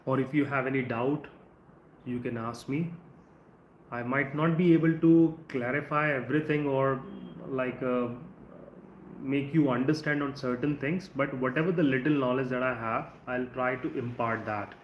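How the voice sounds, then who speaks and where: A man with an Indian English accent teaching English in a live stream, speaking conversationally and drawing out words slowly to show word stress. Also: medium pitch, steady tone. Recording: echoey room with faint ambient noise.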